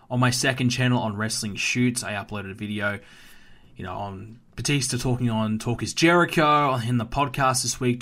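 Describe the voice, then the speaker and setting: A man's voice: medium pitch, a bit bright. A young Australian man hosting a solo wrestling podcast, ranting emphatically with plenty of fillers and restarts. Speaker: podcast host.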